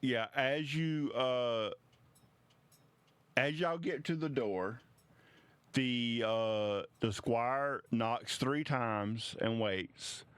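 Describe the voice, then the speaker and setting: A man narrates a tabletop game as game master, slow and relaxed, with plenty of fillers. His voice is smooth and clear, recorded close and dry. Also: mid-range voice, no echo.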